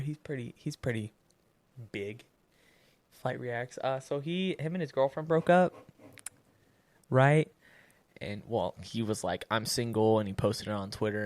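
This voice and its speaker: A young man co-hosting a loose, casual podcast. He tells stories with lots of swearing and frequent laughter. His voice sits at an ordinary middle pitch. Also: no room sound. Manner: laughs often, swears, animated storytelling. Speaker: podcast co-host. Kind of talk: casual chat.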